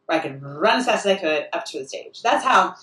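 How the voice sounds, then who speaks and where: A woman's voice: lowish voice, lively intonation, fairly quick, fairly bright tone. A woman delivering a rambling comic monologue, often restarting her sentences. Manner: rambling and self-interrupting, full of restarts. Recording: echoey room, distant mic.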